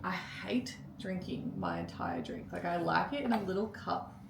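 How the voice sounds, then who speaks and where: Young woman vlogging at home, low gravelly voice, roomy echo, lots of noise behind her. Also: wildly swooping pitch. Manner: chatty, wry, talks fast with many likes. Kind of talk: casual chat. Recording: echoey room, far mic, loud noise.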